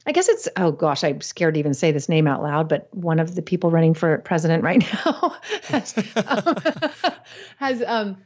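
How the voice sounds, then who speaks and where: A chatty woman with a fairly low voice, talking loosely as a podcast guest and laughing often. Her talk is full of fillers and restarts. The sound is dull, like a remote lo-fi call. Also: expressive, normal speed. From United States. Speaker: podcast guest, real estate investor. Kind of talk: casual interview talk.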